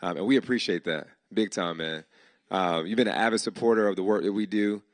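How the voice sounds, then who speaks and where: Speaking briskly in a low voice, a man hosts a startup demo day and gives casual, heartfelt thanks to his team, slang and all. It's a live speech to an audience in an event hall, recorded with no room sound.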